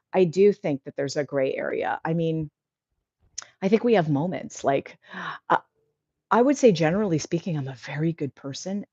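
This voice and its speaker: A woman's voice: sits low, warm tone, dry recording, dull audio. A woman hosting a casual livestream, reading viewer comments aloud and answering them in an earnest, encouraging way that rambles a little. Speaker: livestream host.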